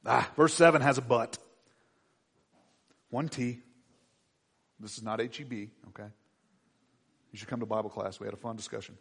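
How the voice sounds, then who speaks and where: A middle-aged man preaching a sermon, moving from quiet asides to loud, emphatic exhortation. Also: mid-range voice, steady tone, moderate pace, vocal fry, pauses often, husky, in a large hall. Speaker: pastor.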